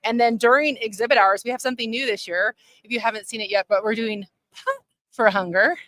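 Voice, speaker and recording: A woman chatting on a live show at a conference, talking fast and laughing easily. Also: on the high side, a bit bright. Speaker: guest. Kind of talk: casual live chat. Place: conference hall.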